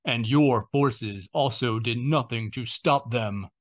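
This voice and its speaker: A man voicing an angry armored dark lord, grinding out his words slowly with a rumble. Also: close to an everyday voice. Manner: slow, ground-out, rumbling delivery.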